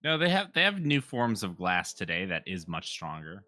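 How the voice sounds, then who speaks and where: Deep bright-toned hesitant man. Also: big pitch swings, normal speed. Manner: hesitant, explaining with fillers. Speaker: player. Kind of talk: casual tabletop game chat.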